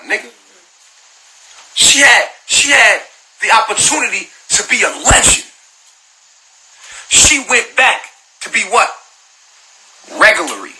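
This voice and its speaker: A man's voice: high voice, background noise. A man speaking in a mocking, grandiose monologue full of rhetorical questions. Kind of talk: boastful monologue.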